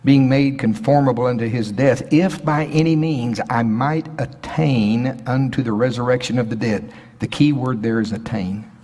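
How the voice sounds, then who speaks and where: Husky-voiced male preacher in a reverberant hall. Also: medium pitch, moderate pace, dark tone. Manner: preaching with rising, emphatic bursts and scripture reading. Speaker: pastor. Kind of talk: sermon. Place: prayer center sanctuary.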